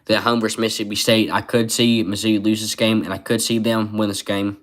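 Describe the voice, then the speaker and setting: A man's voice: fairly low pitch, level tone, a little fast, a bit bright. A man doing casual live-stream sports commentary, rambling and reading chat comments aloud. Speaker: sports livestreamer.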